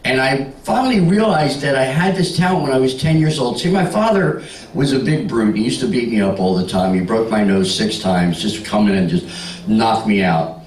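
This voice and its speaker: A man's voice: medium pitch, lively intonation, moderate pace, a little mellow, slight background noise. A stand-up comedian in his sixties, telling jokes and stories to a party crowd and talking back to them. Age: 60s. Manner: storytelling with punchlines, talks to the crowd. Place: party room with a live audience. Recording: roomy, mic heard from a distance.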